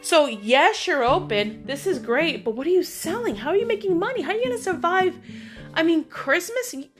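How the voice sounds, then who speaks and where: A woman's voice: extremely high pitch, animated, moderate pace, soft background music. A middle-aged woman hosting her own vlog, telling a personal story in a chatty, upbeat way and drawing a positive lesson from it. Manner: chatty, upbeat, acts out dialogue in her stories. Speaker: vlog host. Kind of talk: casual motivational storytelling.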